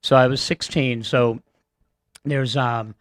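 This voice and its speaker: Radio guest, man, from Massachusetts, earnest and halting storyteller, dry studio sound. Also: mid-range voice, steady tone, dry recording. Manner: earnest, halting, many fillers. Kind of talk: personal storytelling.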